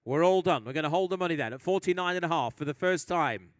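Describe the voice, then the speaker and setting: A man's voice: fairly high pitch, fast, no echo. A man from England working as an auctioneer, calling bids at a live sale with teasing asides to the room.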